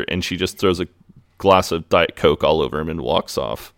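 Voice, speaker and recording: Deep-voiced man recapping a show. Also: moderate pace, a bit bright. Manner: acts out characters' lines while retelling. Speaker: podcast co-host. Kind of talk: casual recap of a TV episode.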